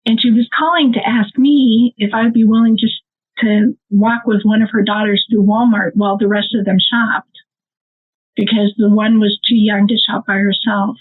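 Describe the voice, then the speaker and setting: A woman's voice: fairly high pitch, moderate pace, slightly rough. Middle-aged Midwestern American woman telling a story over a tinny line. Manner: animated storyteller, laughing through her story. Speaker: nonprofit co-founder; guest. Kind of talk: emotional storytelling. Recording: tinny phone-like call audio.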